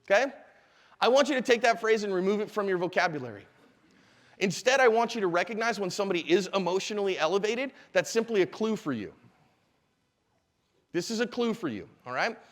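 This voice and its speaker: A man in his forties teaching a live class, animated and quizzing the audience. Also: sits high, fairly quick, pauses often, in a large hall. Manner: animated, asks the audience questions. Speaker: self-defense instructor.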